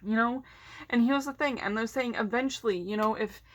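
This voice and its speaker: A woman's voice: fairly high pitch, moderate pace. A woman vlogger ranting casually and bluntly, swearing heavily and sounding frustrated.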